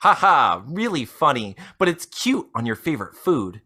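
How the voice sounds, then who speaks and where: A man's voice: medium pitch, normal speed. A man reading out messages from a female romance-scam bot in a stilted, sugary way. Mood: saccharine. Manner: flat read-aloud of stilted messages.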